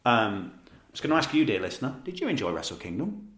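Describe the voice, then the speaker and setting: A man with an East Midlands accent, from Leicester, co-hosting a podcast and telling a long anecdote in a lively, laughing way, with the odd swear. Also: mid-range voice, fast, roomy sound. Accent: East Midlands English. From Leicester, England. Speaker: podcast co-host. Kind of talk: casual storytelling chat.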